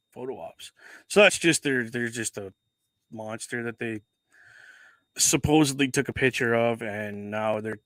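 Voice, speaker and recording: A man's voice: mid-range voice, fairly bright tone, no room sound. A man hosting a casual livestream, chatting as he unboxes, rambling, correcting himself and swearing casually into a desk microphone. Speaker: livestream host.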